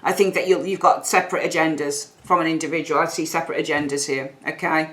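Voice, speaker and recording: A woman's voice: low voice, fairly even intonation, fast. Woman, tarot reader, chatty, repeats herself for emphasis. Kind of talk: tarot reading to camera.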